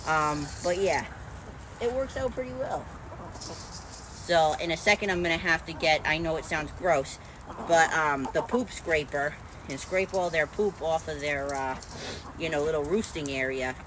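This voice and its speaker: Outdoors at a chicken coop, a farm vlogger chats casually to the camera while doing her chores, her low voice unhurried and full of fillers. Outdoor noise can be heard behind her.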